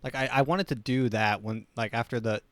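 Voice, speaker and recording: A man's voice: medium pitch, fairly even intonation, brisk, dry recording. A man hosting a casual solo talk show, rambling with many restarts. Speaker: host.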